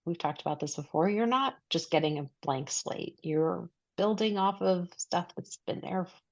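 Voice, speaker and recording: A woman's voice: fairly low pitch, no echo. A woman co-hosting a casual podcast chat, talking in rambling stretches with fillers and restarts. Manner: rambling, many fillers and restarts, quick bursts. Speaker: podcast co-host. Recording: dry, slightly dull lo-fi mic.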